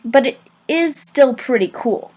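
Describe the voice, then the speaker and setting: A woman's voice: high voice, animated, a little slow, a little mellow. A woman narrating an amateur audiobook in a plain reading voice, stumbling over a word now and then. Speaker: audiobook reader.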